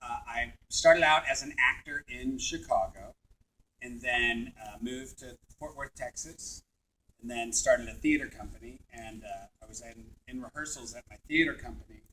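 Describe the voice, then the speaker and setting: A man's voice: mid-range voice, normal speed, pushed and bright, slight background noise. A man who is a voice actor, answering questions at a convention panel in a joking way that turns to laughter easily. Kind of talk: convention Q&A session. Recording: voice from far off in a room.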